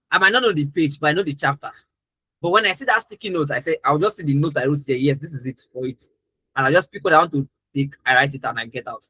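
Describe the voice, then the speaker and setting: A young man with a somewhat high, bright, forceful voice leads a live training session. He talks earnestly and emphatically, leaning into his points. The sound is dry and close. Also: dry recording, low-quality recording.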